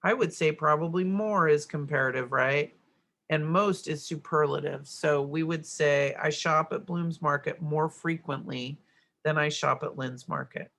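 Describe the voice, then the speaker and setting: A woman's voice: low-pitched, a little slow, fairly bright tone. A middle-aged woman teaching a grammar worksheet lesson, explaining step by step and checking in with "right?".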